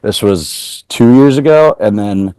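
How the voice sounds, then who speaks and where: A man's voice: fairly low pitch, lively intonation, a little slow, dark tone, smooth, no echo. A man from Portland, Oregon, a comedian being interviewed, telling stories casually with lots of "like" and quoted back-and-forth. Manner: chatty, heavy use of "like", retells exchanges in quoted voices. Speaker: comedian guest.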